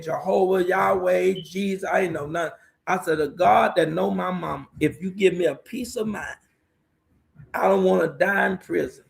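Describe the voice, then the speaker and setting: Middle-aged male pastor, very gravelly, raised pitch, emotional preaching testimony. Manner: preaching storyteller, repeats "watch this here". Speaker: pastor guest.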